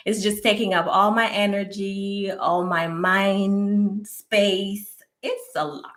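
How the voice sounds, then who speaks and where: A woman hosting a casual live-stream chat, laughing often, greeting viewers by name and dropping to a near whisper for asides. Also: lowish voice. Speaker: host of a live relationship podcast.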